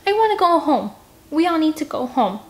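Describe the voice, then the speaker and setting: A woman voicing a whiny, bratty young girl, shrill and complaining. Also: sing-song, brisk.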